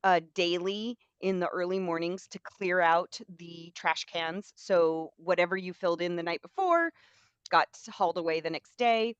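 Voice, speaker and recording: A woman tells a travel story, chatty and rambling, with lots of little fillers and voiced-out quotes. Her voice sits fairly low. The sound is dull and very dry. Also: normal speed, smooth, dry recording. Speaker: live stream host. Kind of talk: casual storytelling.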